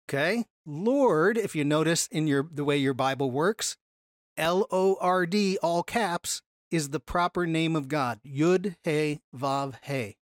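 A teacher giving a Bible study lecture to a class, explaining with animated emphasis on key words and frequent self-corrections. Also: mid-range voice, unhurried, dry recording, studio quality.

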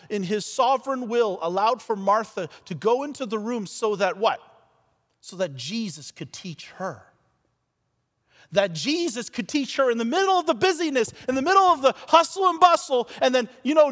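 A man preaching a sermon as pastor, repeating words as he stumbles, swinging between loud and soft passages. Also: sits high. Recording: long reverb of a large church hall.

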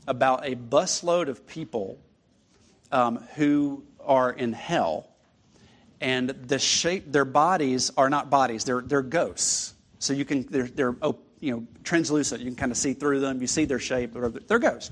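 A man preaching a sermon in a conversational, halting way with frequent restarts. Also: mid-range voice.

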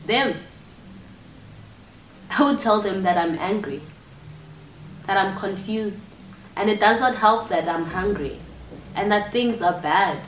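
A woman's voice: mid-range voice, a little hiss or hum. A woman performing spoken word poetry in an intense, confrontational way. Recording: echoey room from far off with faint ambience.

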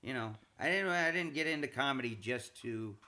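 A male comedian talks in a bright, forceful voice of middling pitch. He keeps restarting his sentences and repeating words, and his voice springs higher whenever he gets excited. The tone stays casual, like a podcast chat. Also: a little fast. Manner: animated, jumps in pitch when excited. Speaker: comedian and show creator.

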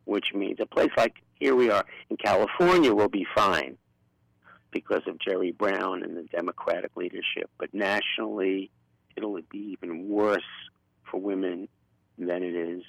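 Older man, Brooklyn accent, gravelly, outspoken radio guest, dry close sound. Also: deep voice, moderate pace, dry recording, rough recording. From Brooklyn, New York. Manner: outspoken and impassioned. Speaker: guest, political activist. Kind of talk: radio interview.

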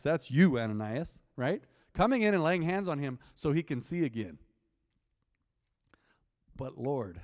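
A man preaching an interactive sermon, reading scripture aloud and teasing and quizzing his congregation. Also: fairly high pitch. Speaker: pastor. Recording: long hall reverb.

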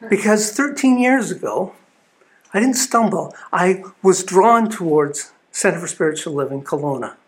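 A man's voice: sits high, lively intonation, moderate pace. A man giving an earnest, storytelling sermon at a spiritual living center. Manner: earnest storytelling with small restarts.

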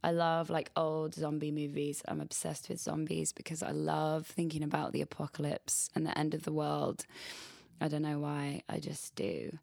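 A woman's voice: deep voice, monotone, normal speed, vocal fry, a little mellow, no echo. A young woman hosting a radio show, chatting casually and rambling with lots of "like" and swearing. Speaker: radio host. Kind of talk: casual chat. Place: radio studio.

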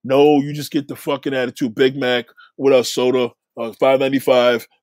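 A man voicing a brusque female fast-food cashier. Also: mid-range voice, little pitch movement, darkish tone, dry recording, clean studio sound, lightly acted. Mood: curt.

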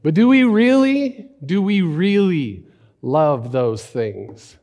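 A man preaching a sermon, telling a story and then building to emphatic, animated points. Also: high voice, takes it slowly, in a large hall. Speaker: pastor.

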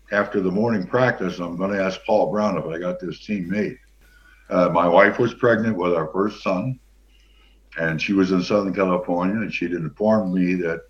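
An older man with a deep voice, a guest who once played pro football, tells anecdotes in a relaxed, rambling way packed with fillers. The recording has a dull, lo-fi sound.

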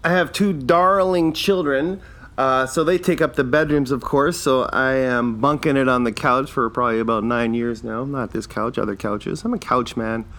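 Rambling fifty-something podcast host. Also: male voice, mid-range voice, fairly even intonation, moderate pace, a bit bright. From Canada. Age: 50s. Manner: rambling, self-deprecating, chuckles at own jokes. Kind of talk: casual solo podcast monologue.

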